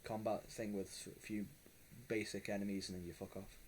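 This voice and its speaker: A man's voice: lowish voice, flat delivery, brisk, slightly rough, rough recording. A man hosting a casual podcast chat, rambling and swearing with many restarts. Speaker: podcast host.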